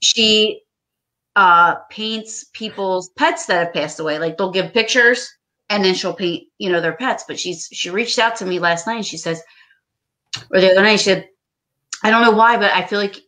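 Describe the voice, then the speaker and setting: A woman's voice: mid-range voice, normal speed, bright, forceful tone, rough recording. A woman hosting a casual livestream chat, rambling and chatty with frequent laughter. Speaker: podcast host.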